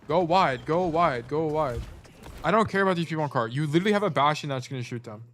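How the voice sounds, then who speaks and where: A man's voice: fairly high pitch, expressive, fast, fairly bright tone. A man coaching a player through gameplay footage in a casual, blunt way, often repeating short commands. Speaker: game coach.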